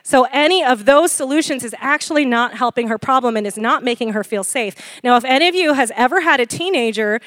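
A woman in her forties preaching a sermon, animated and laughing often as she questions the congregation. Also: high-pitched, a little fast, few pauses, no echo, studio quality. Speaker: pastor.

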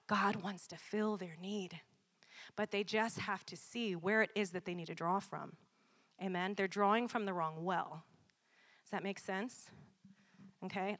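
A woman preaching a sermon, checking in often with "Amen?" and building to loud, emphatic peaks. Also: medium pitch.

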